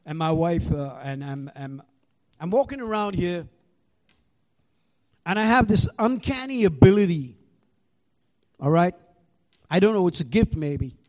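An older man with an Indian accent shares his recovery story before a live audience, his high-pitched, darkish voice expressive and measured, with frequent pauses. As a recovery meeting speaker, he tells it rawly and profanely, in a storytelling manner.

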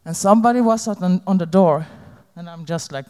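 A woman giving a candid, halting personal testimony about her recovery to an audience. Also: on the low side, a little mellow. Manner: halting, candid, plain-spoken. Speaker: recovering addict sharing her story. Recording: long hall reverb.

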